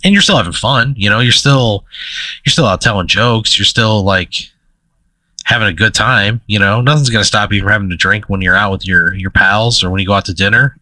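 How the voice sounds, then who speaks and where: A man's voice: on the low side, fairly quick, sharp tone, no room sound. A man co-hosting a casual comedic podcast, telling a rambling made-up story with lots of fillers and laughing mid-sentence. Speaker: podcast co-host.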